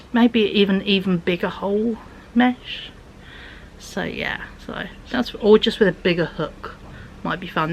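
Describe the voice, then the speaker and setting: A young woman chats about her week in a loose, rambling way. Her voice sits a little low and often sinks to a near-whisper. A faint room hum runs underneath. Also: low-quality recording. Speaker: vlogger. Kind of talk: casual chat.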